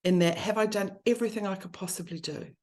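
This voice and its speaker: A woman's voice: mid-range voice, fast, darkish tone. A woman, speaking earnestly and from the heart in a conversation about grief. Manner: earnest and heartfelt, speeding up when listing.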